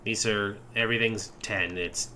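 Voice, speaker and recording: A man's voice: lowish voice, fairly even intonation, moderate pace, bright, forceful tone, a little hiss or hum. A man narrating a tabletop game as game master, loose, joking and profane.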